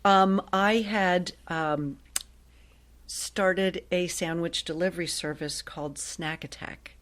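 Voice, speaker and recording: Guest voice: woman in her sixties, lowish pitch, chatty and lively storyteller. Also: takes it slowly. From Ohio. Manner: lively, chatty, laughs often. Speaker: guest, actress and voiceover artist. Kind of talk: casual interview storytelling.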